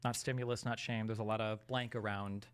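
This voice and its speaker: Casting: low-voiced male streamer, rapid and rambling in casual chat. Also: level tone, slight background noise. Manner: fast, rambling, lots of fillers. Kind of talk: casual conversation.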